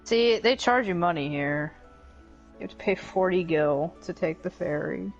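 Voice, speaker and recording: A woman's voice: on the low side, expressive, a little slow, lo-fi sound, faint music behind. A woman chatting and joking casually while playing a video game with a friend. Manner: giggly, jokey banter. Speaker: let's play co-host. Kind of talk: casual gameplay chat.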